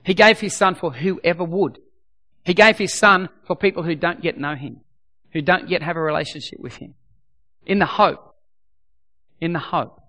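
A man's voice: medium pitch, fairly bright tone. A middle-aged man preaching a sermon in an earnest, conversational way, often repeating phrases for emphasis. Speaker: pastor.

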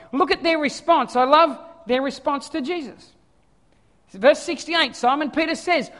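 A male pastor preaching a sermon, swinging from quiet scripture reading to loud animated asides. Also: extremely high pitch, measured pace, in a large hall.

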